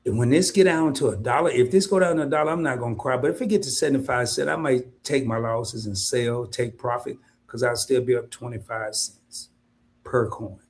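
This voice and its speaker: A man hosting an investing livestream in a casual, colloquial way, addressing viewers directly as "y'all". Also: brisk. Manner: mimics worried investors in high voice.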